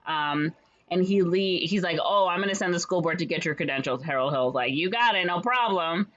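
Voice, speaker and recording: A woman casually retelling a story's plot in a rambling way, full of fillers and quick quoted voices. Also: on the low side, fairly bright tone. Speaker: podcast co-host retelling a musical's plot. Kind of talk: casual chat. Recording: slightly dull lo-fi audio.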